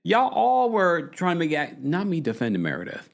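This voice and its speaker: Male podcast host, casual gossip recap, very lively pitch, playful and chatty. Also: normal speed, vocal fry. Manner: animated, quotes people in shifting voices, chatty slang.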